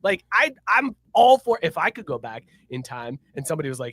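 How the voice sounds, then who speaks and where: A man's voice: a little high, sing-song, fairly quick, few pauses, a bit bright, breathy edge. A man co-hosting a sports podcast, ranting casually and profanely with mocking impressions. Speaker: podcast co-host.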